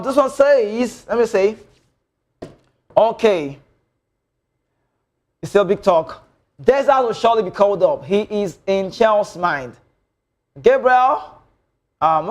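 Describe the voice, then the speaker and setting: High-pitched Nigerian man bantering. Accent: Nigerian English and Pidgin. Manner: bantering, switches between Pidgin and English. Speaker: football show host. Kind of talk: casual commentary reading viewer comments.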